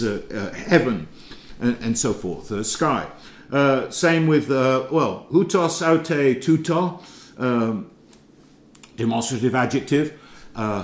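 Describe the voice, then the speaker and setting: A man's voice: medium pitch, roomy sound. A middle-aged English man teaching Greek vocabulary in a rambling, hesitant way, full of fillers and restarts. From England. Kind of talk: informal recorded lecture.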